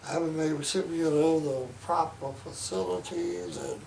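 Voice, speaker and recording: Gravelly man, stammering formal complaint. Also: on the high side, fairly even intonation, normal speed, darkish tone, reverberant, slight background noise, poor audio. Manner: stammering restarts, formal wordy phrasing. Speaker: interviewee describing his care. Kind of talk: emphatic complaint. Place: home bedroom.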